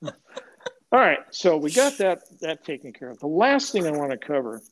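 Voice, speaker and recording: A man's voice: fairly high pitch, big pitch swings, normal speed, a bit bright, a little hiss or hum, rough recording. An older man, a retired police sergeant, telling stories bluntly and with profanity in an interview. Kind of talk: animated storytelling interview.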